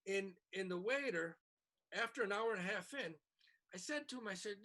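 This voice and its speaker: A man co-hosting a podcast, telling a comedy club story in a casual, animated way and acting out the people he quotes. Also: high-pitched, fairly quick.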